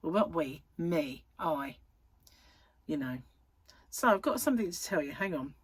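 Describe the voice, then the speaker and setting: A woman's voice: low-pitched, lively intonation, a little slow, slight background noise. A woman in her thirties, a crochet vlogger chatting casually in a rambling way, full of fillers. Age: 30s. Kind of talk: casual chat.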